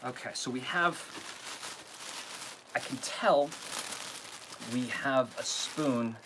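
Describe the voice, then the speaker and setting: A man chats casually on a live stream, gushing and animated as he opens gifts. He talks slowly and at a mid pitch, often stopping to correct himself. A faint hiss sits under his voice. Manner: animated, gushing, reads a card aloud and stumbles. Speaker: live-stream host unboxing fan gifts.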